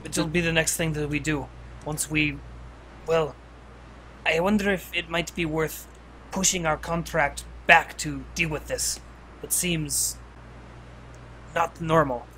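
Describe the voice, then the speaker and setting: A man playing a tabletop role-playing game, speaking earnestly and in a measured way in character. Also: fairly high pitch, steady tone, bright, forceful tone, a little hiss or hum, low-quality recording. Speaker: player.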